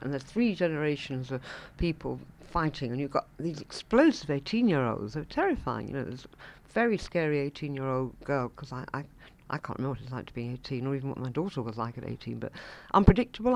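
Brief: gushing arts interviewer, mid-height voice, full of praise. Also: medium pitch. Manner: effusive and enthusiastic. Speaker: radio interviewer.

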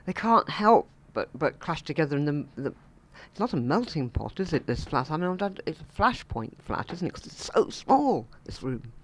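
Arts interviewer, effusive, enthusiastic, mid pitch. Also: big pitch swings, moderate pace, hardly any pauses. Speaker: radio interviewer.

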